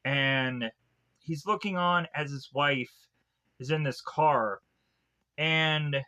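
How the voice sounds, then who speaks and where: A man's voice: mid-range voice, bright, forceful tone. A man casually retelling a film's plot as a reviewer, rambling and leaning heavily on "like" and restarts. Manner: rambling, heavy use of "like" and restarts. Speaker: film reviewer. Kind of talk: casual film recap.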